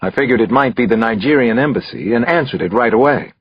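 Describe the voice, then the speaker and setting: A man narrating a thriller audiobook in an expressive, lively way. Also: mid-range voice, fast talker, husky, dry recording, dull audio.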